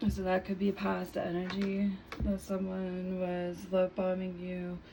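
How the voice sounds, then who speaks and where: A woman doing a relaxed tarot reading, her voice a bit hoarse from just waking up. She sits low and gravelly, with a mellow, dark tone. She muses her way through the cards and lets thoughts trail off. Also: slight background noise, low-quality recording. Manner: unhurried, musing, trailing off mid-thought. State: slightly hoarse, just woke up. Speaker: tarot reader.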